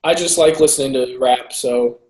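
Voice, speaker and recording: A man's voice: medium pitch, normal speed, a little mellow. A man co-hosting a podcast in casual chat, rambling through stories and laughing often. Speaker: podcast co-host; teacher. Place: lives in San Jose.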